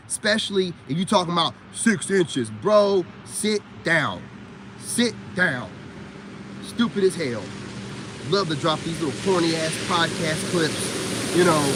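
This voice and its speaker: Blunt, profane man ranting, high voice. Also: noisy background. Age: adult parent. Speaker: vlogger. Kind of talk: casual ranting monologue.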